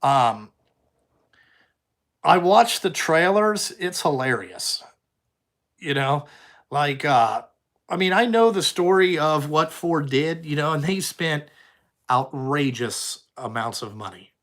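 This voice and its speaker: A man's voice: fairly high pitch, expressive, takes it slowly, long pauses, fairly bright tone. A young man who owns a trucking company, chatting casually with viewers and answering them bluntly with heavy swearing.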